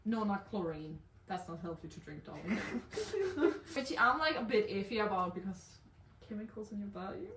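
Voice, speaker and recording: A woman's voice: mid-range voice, animated, normal speed, far from the mic, background noise. A young woman, a student, chatting casually, laughing often and swearing now and then, in an echoey room away from the mic. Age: young adult. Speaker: student vlogger. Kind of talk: casual chat.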